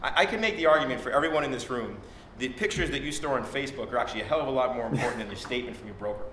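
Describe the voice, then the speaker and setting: A man on a discussion panel, arguing his point quickly with many restarts. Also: mid-range voice, pushed and bright. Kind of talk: conversational panel talk. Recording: echoey room, faint noise.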